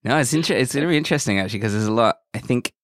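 A man's voice: mid-range voice, lively intonation, rapid-fire, dry recording, studio quality. A man co-hosting a podcast, bantering competitively and teasing his partner. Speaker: podcast co-host. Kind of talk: casual chat.

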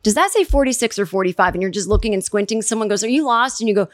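A woman hosting a podcast, chatting casually and animatedly, jumping into high voices when she quotes people. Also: expressive, racing, dry recording. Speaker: podcast host recapping a TV episode. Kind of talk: casual chat.

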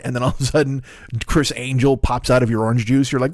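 A man's voice: mid-range voice, flat delivery, fast, a little mellow, dry recording, studio quality. A man in his fifties hosting a solo podcast, telling rambling, profane, self-mocking comic stories in casual chat. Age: 50s. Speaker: podcast host.

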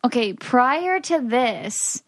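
A woman's voice: fairly high pitch, animated, very slow. A woman co-hosting a casual chat, telling stories in a chatty way full of "like". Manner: chatty, storytelling with many "like"s. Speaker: co-host.

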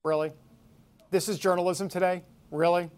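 A man's voice: high-pitched, little pitch movement, moderate pace, clear, resonant tone. A man hosting a talk show, reading headlines aloud with sarcastic disbelief. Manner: sarcastic, incredulous, mocking headlines. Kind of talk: casual news commentary.

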